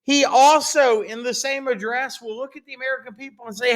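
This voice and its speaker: A man's voice: extremely high pitch, steady tone, brisk, few pauses. A man teaching a casual history lecture, chatty and full of fillers, sometimes acting out quotes. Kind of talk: recorded classroom lecture.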